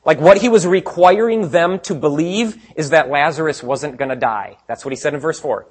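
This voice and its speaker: A man preaching a sermon in a conversational way, asking rhetorical questions and swinging between quiet asides and emphatic points. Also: on the high side, moderate pace, hardly any pauses, slightly rough. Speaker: pastor.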